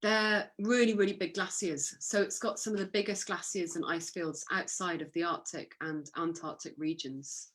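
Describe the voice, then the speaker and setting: A woman's voice: on the low side, fairly even intonation, normal speed, few pauses, a bit bright. A woman giving an illustrated talk with slides, chatty and upbeat, with fillers. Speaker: guest speaker.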